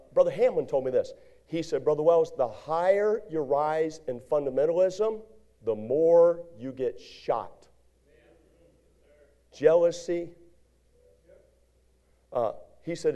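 A man pastor preaching a lively sermon, acting out little scenes and rising to shouts at his peaks. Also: mid-range voice.

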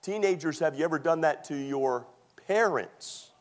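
A man's voice: on the high side, lively intonation, moderate pace. A man preaching a sermon in a folksy, conversational way, with many fillers, quoting scripture and asking the congregation to answer. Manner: quotes scripture and asks the congregation to respond. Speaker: pastor.

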